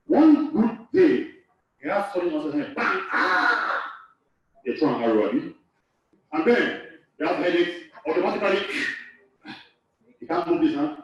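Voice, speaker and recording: A man's voice: fairly high pitch, a little mellow. A man from Nigeria giving a live lecture to a hall audience, repeating key phrases and asking the room questions. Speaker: course lecturer. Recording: echoey hall, far off, dull.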